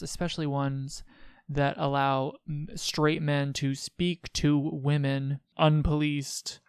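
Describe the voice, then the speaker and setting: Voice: medium pitch, creaky, clean tone, no echo, studio quality. A let's play host giving casual commentary, chatty, with frequent laughs and sarcastic asides.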